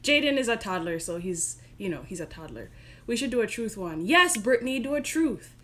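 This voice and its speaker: A woman's voice: medium pitch, sing-song, a little fast, a bit bright. A young woman hosting a casual live stream from her bedroom, chatty, giggly and self-deprecating. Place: home bedroom.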